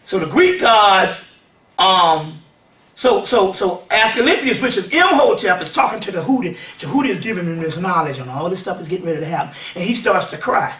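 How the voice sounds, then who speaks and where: A man delivers a seminar lecture in a lively, conversational way, often asking the audience if they follow. His voice sits high and sounds bright and sharp. The recording is roomy, and the mic is set back from him. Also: a little fast, far from the mic. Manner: animated, keeps asking "you see what I'm saying".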